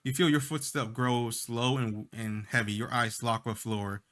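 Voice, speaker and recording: A man's voice: medium pitch, fairly even intonation, unhurried, a bit bright. A young man hosting a casual let's play, reading story text with jokey asides. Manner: jokey asides between read lines.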